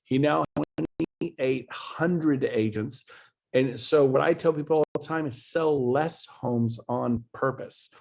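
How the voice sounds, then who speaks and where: This man, a real estate coach on a webinar video call, delivers a motivational talk with force, pressing his listeners and climbing into exclamations. He takes it slowly, in a mid-range voice that is creaky and darkish.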